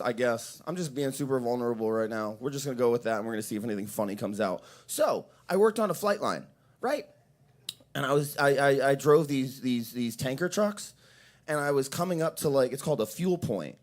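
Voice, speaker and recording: A man's voice: fairly high pitch, a little mellow. A man doing open mic stand-up in a coffee shop, rambling and self-deprecating. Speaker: stand-up comedian.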